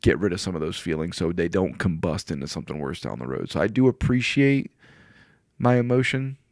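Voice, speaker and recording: A man's voice: low-pitched, animated, a little fast, no echo, studio quality. A man in his forties, a podcast guest talking in a casual, earnest, rambling way and often quoting himself. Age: 40s. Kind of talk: casual conversation. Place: studio.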